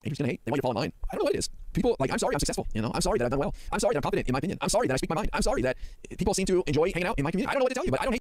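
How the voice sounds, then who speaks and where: A man streaming live, ranting in a rapid, exasperated way. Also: sits high, sing-song, dry recording, studio quality.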